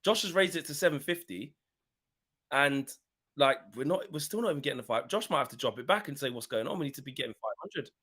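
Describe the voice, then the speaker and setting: A man hosting a casual fan podcast over a call, chatty and animated, with slangy banter. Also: medium pitch, quick pace, husky. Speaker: host.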